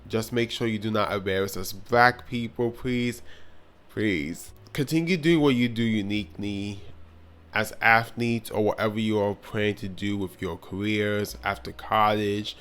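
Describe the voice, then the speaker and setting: A man's voice: on the low side, fairly even intonation, moderate pace, fairly bright tone, clean tone. A young man giving an earnest, blunt commentary on his vlog, now and then sarcastic. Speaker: video commentator.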